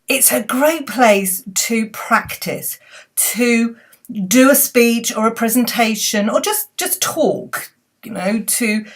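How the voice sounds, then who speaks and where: A woman's voice: fairly high pitch, fairly bright tone. A woman talking to her computer's webcam, giving friendly, chatty advice as a public speaking coach, with small restarts. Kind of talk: casual talk to camera giving advice. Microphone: computer webcam mic.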